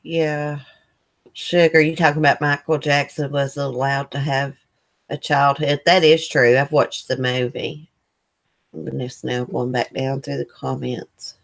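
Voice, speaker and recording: Woman, low voice, easygoing live-chat host, reads comments aloud. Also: flat delivery, measured pace, creaky. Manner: loose, rambling with fillers. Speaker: livestream host.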